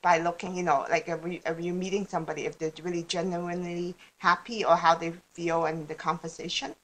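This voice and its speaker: A woman with a somewhat low voice talks as a guest on a casual podcast. She rambles, breaks off and restarts her sentences, and laughs easily as she explains her ideas. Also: little pitch movement, fairly quick, a bit bright. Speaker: guest speaker on law of attraction.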